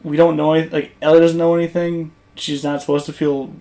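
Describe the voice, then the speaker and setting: A gaming YouTuber talking casually over gameplay footage, rambling and conversational with lots of fillers and restarts. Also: male voice, fairly high pitch, level tone, fairly quick, mellow.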